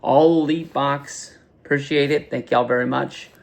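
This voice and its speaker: A man's voice: medium pitch, fairly even intonation, measured pace, gravelly. A man casually chatting through an unboxing, rambling with lots of fillers in a laid-back way. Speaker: unboxing vlogger.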